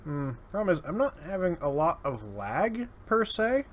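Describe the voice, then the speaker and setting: A man's voice: on the high side, sing-song, moderate pace, slight background noise. A man giving casual, sardonic gameplay commentary, muttering his way through lists of items. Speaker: let's play host. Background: keyboard typing.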